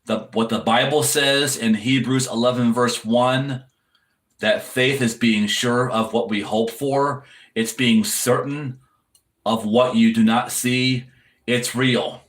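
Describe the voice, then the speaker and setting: A man's voice: mid-range voice, fairly even intonation, takes it slowly, echoey room. A man preaching an earnest sermon-style encouragement straight to the viewer, repeating his points to drive them home. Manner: earnest, repetitive exhortation addressed to the viewer.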